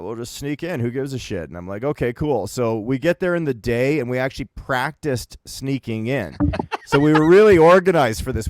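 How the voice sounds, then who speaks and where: A man from Winnipeg telling a rambling story on a podcast, casual and animated, laughing as he acts out what his friends said. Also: medium pitch, dry recording, studio quality. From Winnipeg, Canada.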